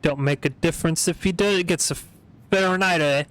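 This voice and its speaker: A man voicing a drunken, gruff male pirate sailor with slurred, old-timey seafaring speech. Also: on the high side, brisk, fairly bright tone, natural voice. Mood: boisterous.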